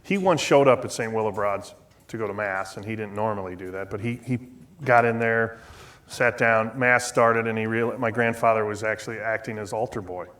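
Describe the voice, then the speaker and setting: A man's voice: fairly low pitch, moderate pace, fairly bright tone. A middle-aged man from the United States speaking as a guest at a shrine event, telling a rambling, self-mocking story with many asides and restarts. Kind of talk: storytelling talk. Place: shrine event before an audience.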